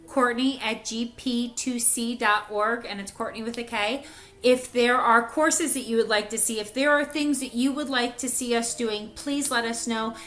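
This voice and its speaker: Woman, web chat host, friendly, filler-heavy, bright tone. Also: fairly high pitch.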